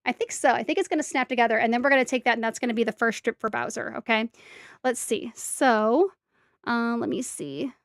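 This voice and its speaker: A woman's voice: fairly high pitch, steady tone, a little fast, no room sound, studio quality. Chatty woman narrating a brick build. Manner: chatty, talks to herself and viewers, self-correcting. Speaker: streamer building a brick set. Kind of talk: casual step-by-step build commentary.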